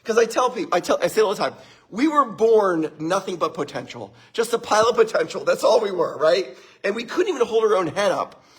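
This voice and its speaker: Hoarse, high-voiced man. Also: lively intonation, a little fast. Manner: enthusiastic, addresses listeners as guys. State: hoarse, voice partly lost. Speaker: winery host giving a motivational talk. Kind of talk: upbeat motivational talk.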